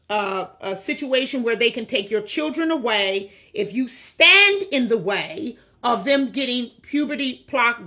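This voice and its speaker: A woman's voice: a little high, bright, forceful tone. A woman hosting a vlog, talking in a blunt, frank casual monologue with many fillers, recorded on a phone. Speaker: vlog host.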